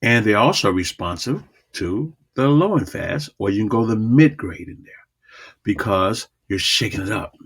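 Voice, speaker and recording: A man teaching a public speaking lesson, emphatic and repetitive, swinging between loud and soft delivery. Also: lowish voice, lively intonation, moderate pace, slightly rough. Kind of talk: coaching lesson to a class.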